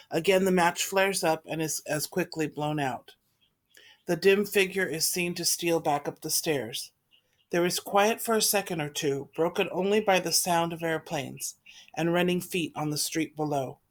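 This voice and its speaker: A woman reading a play aloud, steadily and clearly reading out its stage directions. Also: fairly low pitch. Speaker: reader.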